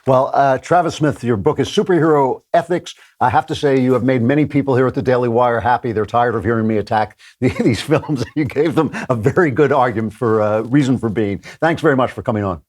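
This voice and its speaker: A man's voice: mid-range voice, a little fast, hardly any pauses, darkish tone. A man hosting an opinion talk show, joking and sardonic, often laughing at his own lines.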